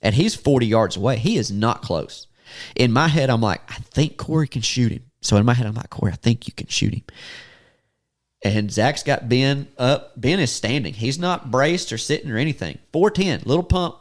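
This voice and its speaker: Animated man telling a hunting story. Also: normal speed. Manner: animated, acts out quotes with sudden high-pitched outbursts. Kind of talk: casual storytelling.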